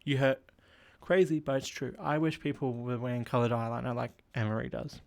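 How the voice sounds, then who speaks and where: A man's voice: mid-range voice, fairly even intonation, fairly quick, gravelly. Rambling young man. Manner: rambling, heavy with filler words. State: unwell with a headache. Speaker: podcast host. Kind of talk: solo casual chat.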